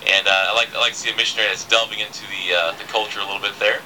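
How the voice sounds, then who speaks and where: A man's voice: on the low side, fairly even intonation, very fast, pushed and bright, slight background noise, rough recording. A man hosting a casual radio interview, chatty, with many fillers and restarts. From southern United States. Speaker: radio host.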